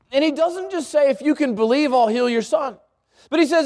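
A man with a very high voice preaches to his congregation, speaking at a normal speed with a darkish tone and lively intonation. When he reads scripture his voice drops lower, and between verses he explains the text in his own words, repeating words and putting questions to the listeners.

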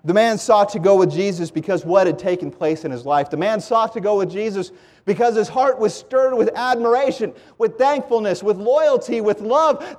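A man preaching a sermon with passion, his voice climbing into loud pleading and dropping to hushed lows. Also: normal speed. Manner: impassioned, swings from loud pleading to low hushed.

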